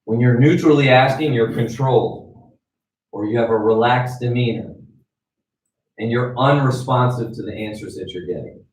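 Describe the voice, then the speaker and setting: A man's voice: medium pitch, moderate pace, distant mic. Male trainer, conversational lecture, roomy echo, a bit off-mic. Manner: conversational, checks in with "right?" and "okay?". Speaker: sales trainer.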